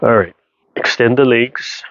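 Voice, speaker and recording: A man teaching a seated tai chi and qigong class over a video call, giving slow, gentle instructions with sighing breaths. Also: mid-range voice, dry recording, dull audio. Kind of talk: guided seated exercise class.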